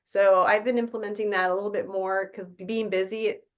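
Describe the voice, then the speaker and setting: A woman's voice: mid-range voice, level tone, brisk. A woman in her thirties in casual podcast chat, talking at length and acting out what she says to her kids. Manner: rambling, acts out quoted dialogue with her kids. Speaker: podcast guest.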